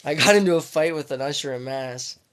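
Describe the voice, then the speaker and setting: Man, livestreamer, casual rambling story, fillers and restarts, fairly high pitch. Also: fairly quick, fairly bright tone, no echo, studio quality.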